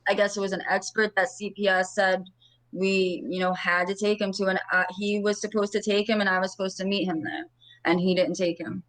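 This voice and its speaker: A woman giving an interview, recounting events in a measured, matter-of-fact way. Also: medium pitch, little pitch movement, a bit bright, rough recording. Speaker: interview guest.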